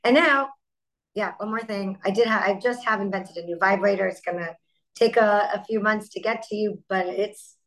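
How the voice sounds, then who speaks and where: The rough recording captures a middle-aged woman with a medium-pitched voice, a company founder being interviewed. Her storytelling is lively and peppered with quick asides.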